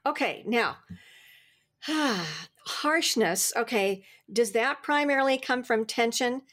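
Woman host asking questions, high voice. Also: unhurried, fairly bright tone. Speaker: podcast host. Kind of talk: interview questions.

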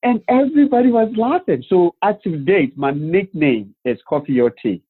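A man telling his life story as a guest, animated, with rhetorical questions and acted-out quotes. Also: high voice, moderate pace, husky. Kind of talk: personal storytelling. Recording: phone-like narrow band.

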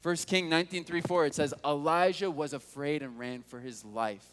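A man preaching to his congregation, with a slightly higher voice than most men. He reads scripture and tells the story in a relaxed, conversational way, often asking his listeners questions. His voice rings out with a long reverb, as if filling a large church hall. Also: moderate pace. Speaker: pastor. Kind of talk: sermon.

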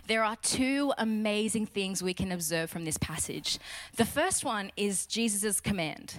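A young adult woman preaching a lively sermon, telling the story with jokes and bursts of loud acted lines. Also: mid-range voice, moderate pace, no echo.

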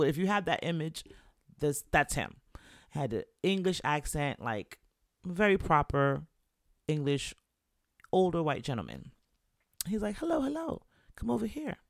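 A man's voice: fairly high pitch, dry recording, studio quality. A young American man who raps, telling a travel story casually and animatedly, with lots of filler words. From United States. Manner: animated, chatty, full of "like" and "you know".

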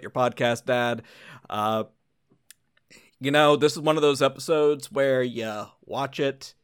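A man co-hosting a podcast in casual chat, joking at his own expense. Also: mid-range voice. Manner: animated, self-deprecating banter. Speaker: podcast co-host.

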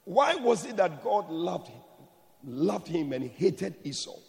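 A man preaching a sermon emphatically, moving from soft explanation to shouted blessings. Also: sits high, very animated, takes it slowly, creaky, big-room sound.

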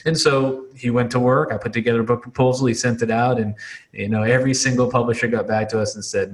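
A man's voice: medium pitch, fairly even intonation, quick pace. A pastor and author telling candid stories in a podcast interview, acting out quotes and repeating words as he goes. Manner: candid, storytelling with acted quotes and repetitions.

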